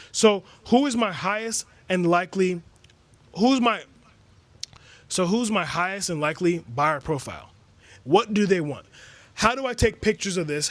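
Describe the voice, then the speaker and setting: Male business coach, high voice, dry close recording, emphatic and repetitive. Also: fairly bright tone, dry recording. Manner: emphatic, repetitive, rhetorical questions. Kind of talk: motivational coaching talk. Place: resort suite.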